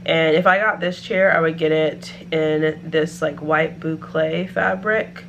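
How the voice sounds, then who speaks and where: A woman talks casually as a home decor vlogger, chatty and thinking aloud with plenty of "like" and "um". Her voice sits a little low. A faint hum runs behind her. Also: steady tone, a little slow, gravelly, a bit bright, highs cut off. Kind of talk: casual chat.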